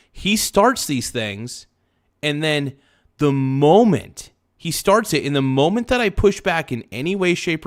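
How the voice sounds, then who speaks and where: A man's voice: mid-range voice, a bit bright, dry recording, clean studio sound. A man streaming an angry rant, reading out messages and swearing heatedly. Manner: heated, profane, reads messages aloud and rants.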